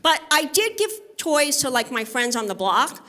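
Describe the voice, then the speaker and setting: A woman's voice: high voice, sing-song, moderate pace, bright, forceful tone. A woman from Brooklyn, doing a brash, chatty stand-up set on stage with bawdy stories and crowd work. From Brooklyn, New York. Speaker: stand-up comedian. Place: on stage at a live benefit event.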